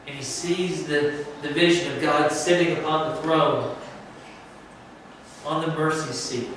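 A man preaching a sermon as pastor, slow and emphatic, dropping at times to a hush. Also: a little high, fairly even intonation. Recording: echoey room, from far off, faint noise.

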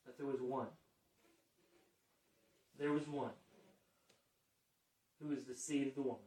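A man preaching a sermon emphatically, swinging from hushed lines to raised ones. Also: mid-range voice, fairly even intonation, measured pace. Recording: echoey room, mic at a distance.

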